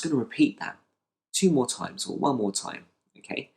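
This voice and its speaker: A man teaching mindfulness for children, gentle and reassuring, often checking in with "okay" and "right". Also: mid-range voice, expressive, moderate pace, gravelly. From United Kingdom. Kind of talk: instructional talk with guided practice.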